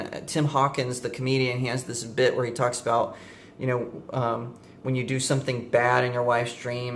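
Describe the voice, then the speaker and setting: A man's voice: mid-range voice, a little hiss or hum. A young man vlogging, telling a casual story to the camera in a rambling way with many fillers and self-corrections.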